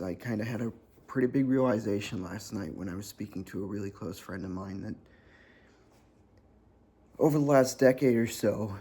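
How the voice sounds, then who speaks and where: A man in his thirties from New Jersey speaks to camera in a personal vlog. His voice sits low, with a gravelly, husky grain. He talks in a sarcastic, halting way, filling gaps with ums. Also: warm tone. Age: 30s. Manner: sarcastic, hesitant with frequent ums. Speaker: vlogger.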